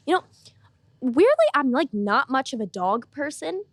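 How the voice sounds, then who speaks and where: A young woman hosting a podcast, chatting in a deadpan, mock-earnest, playful way. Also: high voice, normal speed, dry recording. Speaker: podcast host. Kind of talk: casual comedic podcast chat.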